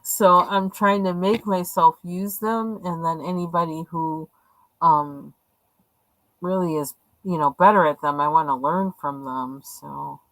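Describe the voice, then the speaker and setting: With a lowish, slightly bright voice, steady tone, and measured pace, a livestream host talks casually as she colors. Her chat wanders and hesitates, peppered with fillers. The recording lacks room sound and is rough.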